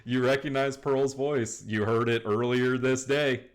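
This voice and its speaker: A man's voice: mid-range voice, steady tone, unhurried. A man narrating a tabletop game as game master, rambling loosely with many restarts.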